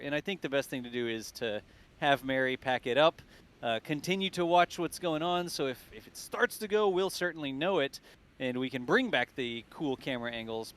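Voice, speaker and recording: A man's voice: mid-range voice, fairly bright tone, smooth. Easygoing man hosting a live stream. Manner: easygoing, thinking aloud, drawn-out phrasing. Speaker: livestream host.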